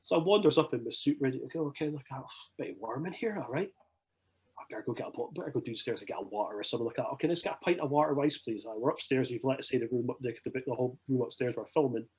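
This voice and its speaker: A young Scottish man spins a long, rambling anecdote in casual chat, animated and swearing freely. His voice has a husky, slightly breathy edge at a middling pitch. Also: very fast, hardly any pauses. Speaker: podcast guest. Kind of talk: casual storytelling.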